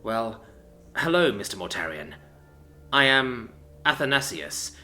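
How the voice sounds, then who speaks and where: A man's voice: mid-range voice, big pitch swings, measured pace, pushed and bright, slight background noise, exaggerated voice. A man playing a nervous young suitor. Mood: earnest. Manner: nervous, earnest. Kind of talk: storybook narration.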